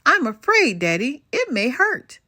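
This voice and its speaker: An older woman voicing an eager little girl in a storybook, in a high childlike voice. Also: wildly swooping pitch, measured pace, pushed and bright, dry recording, studio quality, full character voice. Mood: scared.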